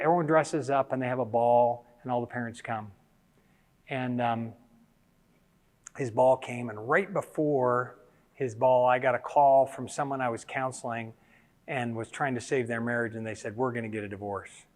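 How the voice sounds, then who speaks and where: A middle-aged man giving a sermon-style teaching talk, telling personal stories and acting out quoted voices. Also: medium pitch. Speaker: speaker. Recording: long hall reverb.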